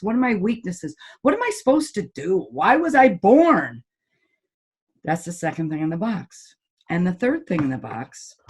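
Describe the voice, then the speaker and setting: Blunt, lively middle-aged woman storyteller. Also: mid-range voice. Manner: blunt, lively storyteller who acts out quoted voices. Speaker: golf teaching pro and motivational speaker. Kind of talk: storytelling in a podcast interview.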